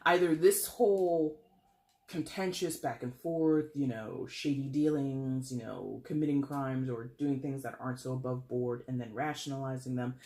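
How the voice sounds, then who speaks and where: A tarot reader talking through a casual reading in a blunt, emphatic way. The voice jumps up high to stress a point, and the speaker laughs often and swears casually. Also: normal speed. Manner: animated, leaps in pitch for emphasis.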